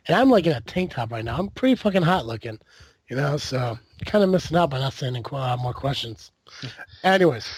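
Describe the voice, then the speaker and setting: A man's voice: a little high, slightly rough, no room sound. Profane, jokey podcast host, a man. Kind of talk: casual chat.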